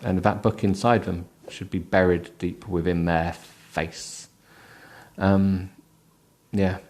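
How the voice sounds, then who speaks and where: A man's voice: low voice, level tone, slow, a little mellow. A tired man reading a book aloud with sarcastic, mocking asides. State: tired, sleepy. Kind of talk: comic book reading with running commentary.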